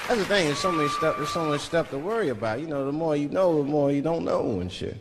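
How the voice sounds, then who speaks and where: A man performing a stand-up comedy set, telling stories and shouting out the voices of other people. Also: a little high, fast, heavy background noise. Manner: animated storytelling, shouting impressions of others. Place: large live venue with audience. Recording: reverberant live hall recording with crowd laughter. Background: audience laughter.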